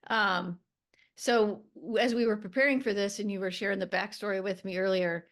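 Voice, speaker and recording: A calm woman guides a coaching session in a reassuring, unhurried way. She uses lots of fillers and restarts as she thinks aloud. Her voice sits at a middle pitch. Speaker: podcast co-host and coach. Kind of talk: gentle coaching talk.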